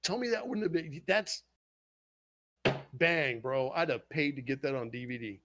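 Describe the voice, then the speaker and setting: Over some background noise, a podcast host with a slightly high voice recounts an anime's plot at a moderate pace. He's eager and animated, casually profane as he retells the scenes.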